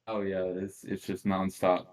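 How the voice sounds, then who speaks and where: A man with a notably low voice hosts a relaxed sports chat. He agrees easily with the others and moves the talk along to the next subject without fuss. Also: unhurried, poor audio. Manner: laid-back, agreeing, steers to the next topic. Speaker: podcast host.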